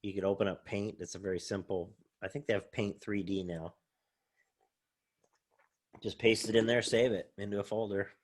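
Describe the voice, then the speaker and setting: A man's voice: fairly low pitch, fairly even intonation, moderate pace, pauses often. A man, a college English professor, giving a casual, rambling recorded lecture while sharing his screen, thinking aloud with many fillers.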